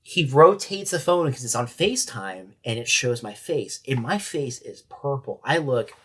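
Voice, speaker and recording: A man's voice: mid-range voice, lively intonation, moderate pace, a bit bright, breathy edge. A man, a sheriff's corporal, recounting a story as a podcast guest in a detailed, matter-of-fact way. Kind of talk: interview storytelling.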